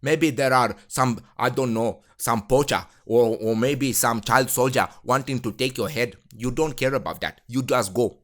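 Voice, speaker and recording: A Romanian podcast host playing a boastful man who talks in an exaggerated put-on Kenyan English accent, rambling earnestly with lots of halting fillers. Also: medium pitch, fairly bright tone, lightly acted. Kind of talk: comedic monologue in character.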